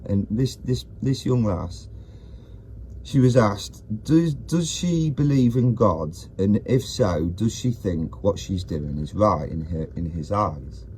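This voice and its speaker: A man's voice: on the low side, lively intonation, slow pace, a little mellow, a little hiss or hum. A man, ranting in a rambling casual video monologue, often breaking off mid-sentence. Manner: rambling, self-interrupting rant. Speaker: vlogger.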